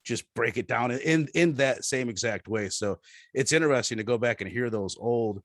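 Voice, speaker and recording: A man's voice: medium pitch, moderate pace, no echo, studio quality. A man chatting casually as a podcast guest, rambling and often restarting his sentences.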